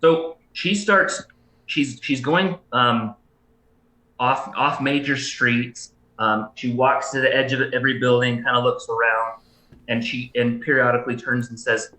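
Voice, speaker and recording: A man narrates a tabletop game as dungeon master, his voice bright and forward. He feels his way through each scene, restarting sentences and filling pauses with ums. The room around him rings with a noticeable echo. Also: mid-range voice, fairly even intonation. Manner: halting, full of restarts and ums. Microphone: livestream mic.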